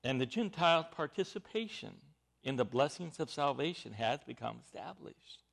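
A man's voice: medium pitch, expressive, normal speed, gravelly, fairly bright tone. A man preaching a Bible teaching sermon, emphatic and stressing key words.

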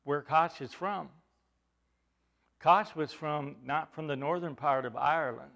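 A man delivers a sermon at an unhurried pace. His voice sits a little high for a man and moves between loud emphasis and soft, hushed passages. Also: vocal fry. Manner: expressive preaching, swells loud then drops soft. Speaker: pastor.

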